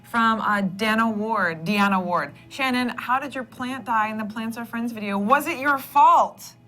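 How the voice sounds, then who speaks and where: A woman's voice: fairly high pitch, unhurried, pushed and bright, faint music behind. A young woman hosting a live web show, upbeat as she reads out viewer comments and questions.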